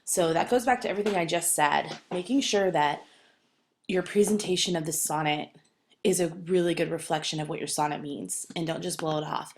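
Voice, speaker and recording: A woman teacher walks her students through an assignment, clear and firm but encouraging. Her voice sits a little low, and she keeps checking in with a quick "okay" between points. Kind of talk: classroom assignment instructions.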